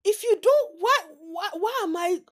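A Nigerian woman co-hosting a podcast in casual chat, animated and teasing as she scolds her friend. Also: extremely high pitch, a little slow. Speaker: podcast co-host.

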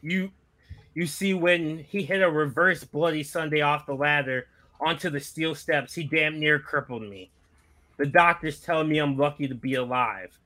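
A gruff old wrestler in a wheelchair gives his farewell speech, as a man puts him on. The voice sits a touch high and bright. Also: moderate pace. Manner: gruff speech-style delivery, compared to Shrek. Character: impression of a retiring veteran wrestler in a wheelchair.

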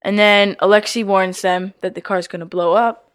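A man co-hosting a casual podcast, recapping events in a plain, steady way. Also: high voice, normal speed, clean tone. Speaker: podcast co-host.

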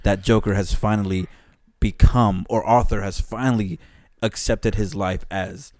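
A man co-hosting a casual podcast chat, earnestly recapping a film's plot in measured steps with the odd curse. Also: on the low side, steady tone, darkish tone, dry recording. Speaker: podcast co-host.

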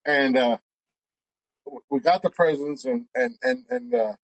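Lively high-pitched man with a gravelly edge. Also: unhurried, dry recording, lo-fi sound. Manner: rambling storyteller, stammers and restarts, swears freely. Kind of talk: casual chat.

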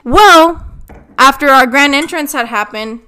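Young woman, high voice, casual chat, animated storyteller, swears a lot, laughs often. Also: unhurried.

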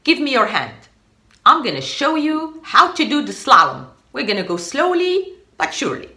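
A woman's voice: sits high, wildly swooping pitch, moderate pace, pushed and bright, voice pushed up, exaggerated voice. A woman voicing her encouraging male friend who teaches her to ski, in a reassuring, coaxing way.

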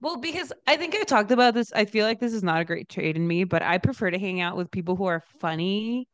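A woman's voice: mid-range voice, expressive, fast talker, smooth, no room sound. A young woman co-hosting a podcast, chatting candidly, laughing often and acting out quotes. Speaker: podcast co-host. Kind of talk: casual chat.

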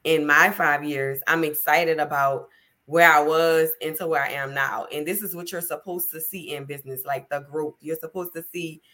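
A lower-voiced, emphatic woman podcast host. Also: steady tone, moderate pace, pushed and bright. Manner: emphatic, motivational, chatty. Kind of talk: casual podcast conversation.

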